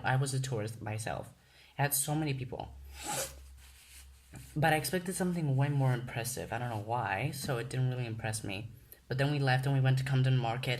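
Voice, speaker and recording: A young man tells a casual story-time vlog, gushing and excitable, swearing freely. His voice sits at a middling pitch. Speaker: vlogger.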